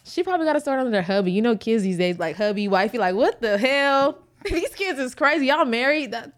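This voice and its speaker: A woman co-hosting a podcast, chatting in an animated, playful way. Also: on the high side, fast talker. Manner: animated, playful, talks over others. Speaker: podcast co-host. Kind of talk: casual chat.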